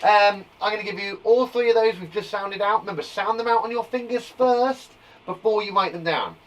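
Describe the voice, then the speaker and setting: A man teaching a live phonics lesson to young children from a garden shed, upbeat and encouraging, sounding out words slowly. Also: sits high, fairly bright tone, recorded from a distance, poor audio. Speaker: primary school teacher.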